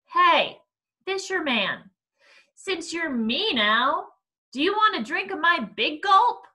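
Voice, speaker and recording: A woman's voice: very high-pitched, sing-song, takes it slowly, sharp tone, voice pushed up, exaggerated voice. A woman reading aloud, voicing a mocking teenage boy bully in a storybook. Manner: mocking, jeering.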